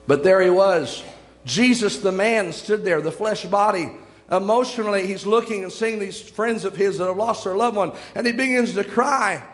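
A man's voice: sits high, normal speed, big-room sound. A young man preaching a sermon, retelling scripture stories with dramatic shifts in pace.

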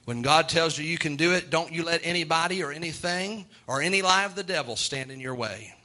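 A man's voice: a little high, brisk, bright, forceful tone. A man preaching a sermon as pastor, building to fervor and punctuating with amens. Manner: preaching with rising fervor, call-and-response amens.

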